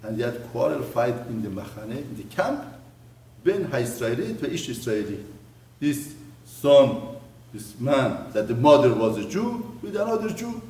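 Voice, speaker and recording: A man, a rabbi, teaching a mussar lesson on the weekly Torah portion, telling a story with lively swings from loud emphasis to hushed murmurs. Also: mid-range voice, moderate pace. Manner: animated storyteller, voice rising and dropping to near murmur. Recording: roomy, distant mic with faint ambience.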